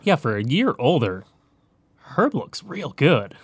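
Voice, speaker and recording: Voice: mid-range voice, big pitch swings, slow, breathy edge, no echo, studio quality. A podcast co-host chatting enthusiastically about a TV episode, laughing easily and chiming in with short reactions. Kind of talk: casual chat about a TV episode.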